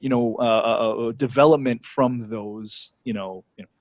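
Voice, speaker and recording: A man co-hosting a casual podcast, giving his opinions in a relaxed flow dotted with filler words. His voice sits at an ordinary middle pitch and sounds dry and close to the mic, with no room echo. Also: normal speed. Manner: animated, opinionated, many "you know" fillers. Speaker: podcast co-host. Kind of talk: casual chat.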